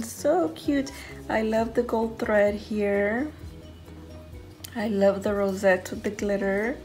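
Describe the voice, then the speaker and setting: Gushing woman with slow, unhurried speech. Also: mid-range voice, poor audio. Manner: gushing, excited, says "so cute" often. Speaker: craft channel host. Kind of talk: casual unboxing vlog.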